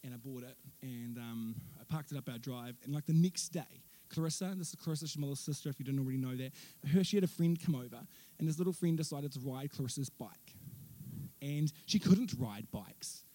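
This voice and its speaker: A man's voice: medium pitch, fairly quick, mellow, no room sound. A young man preaching a sermon in church, telling stories animatedly with self-mocking asides. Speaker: pastor.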